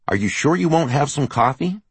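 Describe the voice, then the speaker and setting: A male narrator voicing a friendly young female receptionist in an audiobook, raising his voice to a bright, chirpy tone. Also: fairly high pitch, lively intonation, a little fast, husky, dry recording, pitched above the performer's own voice, heavily acted. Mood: eager.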